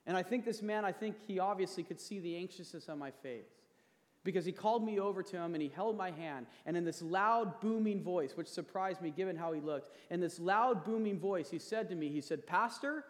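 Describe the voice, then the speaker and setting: A man's voice: high voice, fairly quick. A male pastor in his thirties preaching a sermon, earnest and building to emphatic peaks. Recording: long hall reverb.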